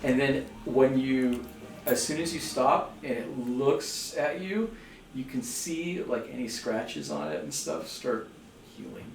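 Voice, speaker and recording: A man running a tabletop game as dungeon master, relaxed as he describes the scene and rules on the dice. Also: medium pitch, slow, distant mic, a little hiss or hum. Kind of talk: casual tabletop game narration. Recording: roomy room sound with background music.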